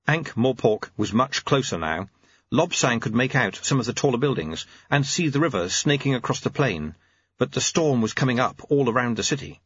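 A man's voice: mid-range voice, animated, moderate pace, fairly bright tone, slightly rough, dry recording. A man narrating an audiobook in a dry, wry storytelling manner on a dull, lo-fi recording. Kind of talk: scripted narration.

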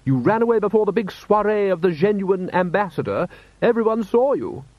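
Male reader voicing a lofty, fussing noble wife, high and lively, dull recording. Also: a little fast, no echo. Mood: fondly scolding. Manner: coaxing, gently scolding. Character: fussy, proud aristocratic wife. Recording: dull, slightly lo-fi.

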